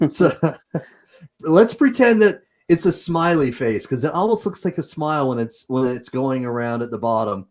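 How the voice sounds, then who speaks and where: A man's voice: medium pitch, animated, normal speed, a little mellow. A man with a Utah accent hosting a livestream, chatting casually and improvising as he reads comments. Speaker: host.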